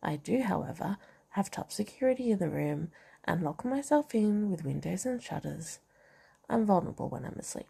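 A woman's voice: lowish voice, expressive, moderate pace, gravelly, dark tone, slightly rough. A woman reading a novel aloud in a casual way, with asides and comments on the text. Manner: reads dialogue and narration, breaks off to comment and laugh. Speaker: reader of a novel.

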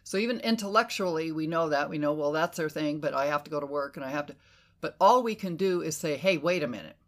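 A woman hosting a casual conversation, animated and emphatic, who swears freely and slips into quoted inner voices. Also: deep voice, fast. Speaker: podcast host.

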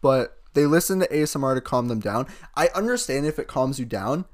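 A man's voice: medium pitch, lively intonation, fairly quick. A young man in his late teens co-hosting a casual podcast, rambling through stories, laughing often and swearing freely. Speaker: podcast co-host. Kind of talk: casual chat.

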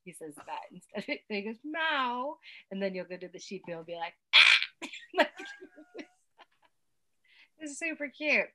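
A woman's voice: medium pitch, moderate pace, long pauses. A young adult woman co-hosting a podcast, chatting casually and laughing easily. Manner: giggly, lively storytelling. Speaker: podcast co-host. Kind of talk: casual movie-review chat.

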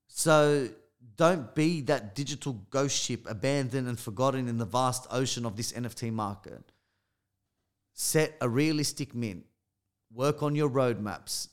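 Aussie guy on a podcast, punchy and emphatic, mid pitch, keeps saying guys. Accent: Australian. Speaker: podcast co-host. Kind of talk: casual podcast chat.

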